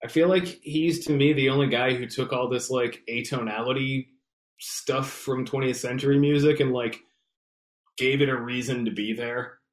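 A man guesting on a podcast, musing in a relaxed way with frequent "like". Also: mid-range voice, normal speed. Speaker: band member guest. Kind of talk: casual podcast chat. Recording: roomy echo.

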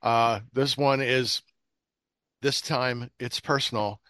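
A man's voice: mid-range voice, fairly even intonation, slow pace, a bit bright, clean tone, no echo. A man hosting a casual podcast chat about bad movies, rambling with lots of fillers. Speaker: podcast host.

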